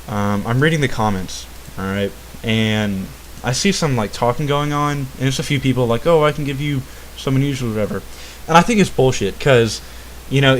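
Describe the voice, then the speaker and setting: A young man vents about an online gamer in a loose, foul-mouthed rant. He stumbles through fillers and restarts and keeps tossing in "all right?" as he goes. His pitch sits at an ordinary middle height for a man. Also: slight background noise. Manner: swears constantly, keeps asking "all right?"; rambling, full of "uh" and restarts. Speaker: channel host. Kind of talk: profane gaming rant.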